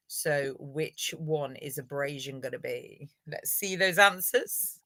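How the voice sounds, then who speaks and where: Bright woman hosting a live quiz lesson, encouraging, dry close sound. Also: sits low, slow, no room sound. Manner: encouraging, upbeat, praises viewers. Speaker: teacher hosting a live revision session.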